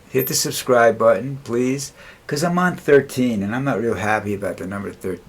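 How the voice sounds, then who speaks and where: A man's voice: lowish voice, a little hiss or hum. Older male vlogger, blunt and rambling, stops and restarts a lot, easily tired. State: tires easily, dizzy after walking. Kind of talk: casual monologue.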